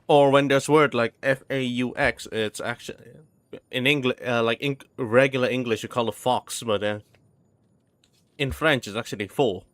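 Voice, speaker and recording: A man's voice: medium pitch, steady tone, normal speed, dry recording. A young man chatting casually while streaming a game, often restarting his sentences and sounding out names syllable by syllable. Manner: rambling, many restarts, sounding out words.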